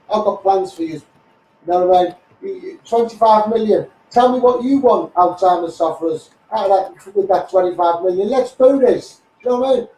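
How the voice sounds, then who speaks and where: Scouse bloke going off on a phone livestream, highish voice, echoey and kinda far off. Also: male voice, warm tone. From England. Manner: fired-up, repetitive, addresses viewers as mate. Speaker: self-styled campaigner on a livestream. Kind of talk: ranting to camera.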